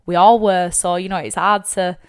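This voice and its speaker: A young woman speaking with a smooth, clear voice set fairly low. She talks bluntly, swears freely and sounds tearful at times as she tells a personal story on her podcast. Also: fairly even intonation, moderate pace. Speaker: podcast host.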